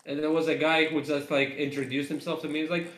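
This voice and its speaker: A man talks through a casual live stream with a bright, forceful tone. He rambles from one thought to the next, leaning on fillers and quick laughs, and his voice rings in a roomy, echoey space. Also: a little high, flat delivery. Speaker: game developer streaming live.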